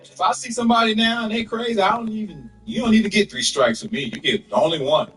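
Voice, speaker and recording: A man doing a loud, animated stand-up comedy set and laughing at his own jokes. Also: high-pitched, fast talker, recorded from a distance, soft background music.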